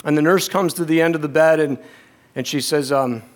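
A middle-aged man delivers an emotional sermon story in a slightly high voice. He stumbles through restarts and sinks into quiet, hushed stretches. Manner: emotional storytelling, halting restarts, drops to a hush. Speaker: preacher.

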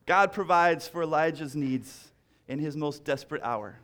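A man's voice: a little high, fairly bright tone. Conversational preaching man, rising and falling. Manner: conversational preaching with repeated lines and restarts. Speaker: pastor. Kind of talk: sermon.

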